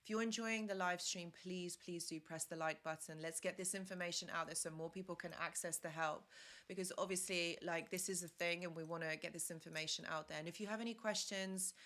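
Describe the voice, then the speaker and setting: A young woman talks through a live stream in a bright, clear voice. She gives earnest advice, circles back over her points and speaks casually to her viewers. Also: on the low side, fairly even intonation, brisk. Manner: earnest, repetitive, reads comments aloud. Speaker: live stream host, relationship advisor.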